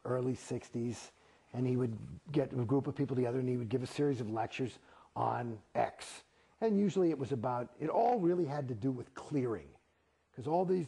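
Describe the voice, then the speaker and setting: A man's voice: medium pitch, mellow. A man telling his story in an interview, blunt and profane, rambling through false starts. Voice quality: gravelly, husky voice.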